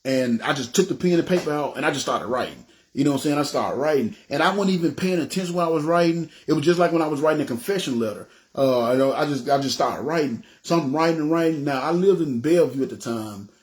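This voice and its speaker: Fast-talking man telling his story. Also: fairly high pitch. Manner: animated, acts out the voices of people in his story. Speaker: person giving a testimony. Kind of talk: casual storytelling testimony. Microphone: phone.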